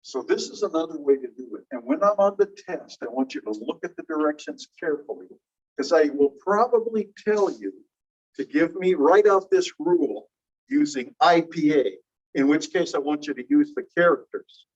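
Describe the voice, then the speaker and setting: A man teaching a linguistics class, explaining slowly and repeating key phrases while checking that students follow. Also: a little high, animated, darkish tone. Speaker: linguistics instructor. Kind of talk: classroom lecture. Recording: muffled distant classroom recording.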